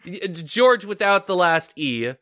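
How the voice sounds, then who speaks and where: A man's voice: high-pitched, big pitch swings, takes it slowly, sharp tone. A man hosting a casual podcast, with a stuffy, nasal voice from congestion, who laughs a lot and trips over hard names. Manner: laughs often, stumbles over names and words. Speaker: podcast host.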